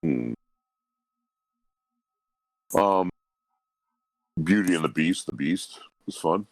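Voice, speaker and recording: A man with a very low, deep voice talks about his work in an easygoing interview. He sounds humble and reflective. His voice is dry and close, with no room echo. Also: expressive, very slow, soft background music. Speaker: guest voice actor. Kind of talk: relaxed interview conversation.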